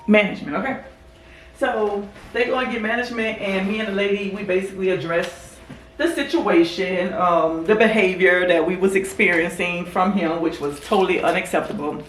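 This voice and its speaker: A woman vlogger telling a casual story to her camera, animated and acting out what people said. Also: normal speed, soft background music. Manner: animated storyteller, acts out quotes in a higher voice. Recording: echoey room.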